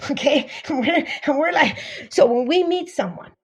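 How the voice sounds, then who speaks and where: A woman's voice: high-pitched, expressive, moderate pace. A woman dating coach on an interview show, teaching emphatically through acted-out stories, repeating herself and swearing casually. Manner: emphatic, repeats herself, acts out quoted voices.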